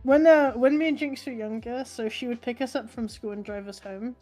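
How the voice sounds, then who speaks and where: Chatty young woman, bright. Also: a little high, fairly quick. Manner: rambling, laughs at her own stories. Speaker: co-host. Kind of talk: casual storytelling chat. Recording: faint music behind.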